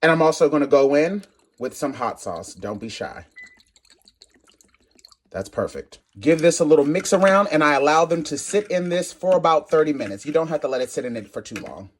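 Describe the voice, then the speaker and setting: A man from Maryland hosting a casual cooking tutorial in his home kitchen, sassy and animated, calling viewers honey and swearing casually. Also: fairly high pitch, quick pace. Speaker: cooking channel host.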